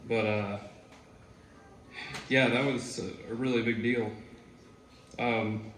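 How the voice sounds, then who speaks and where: A man's voice: medium pitch, fairly even intonation, slow pace, a bit bright. A man, a former student, telling casual stories at a memorial tribute, talking conversationally with fillers and quoted voices. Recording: echoey room with faint noise.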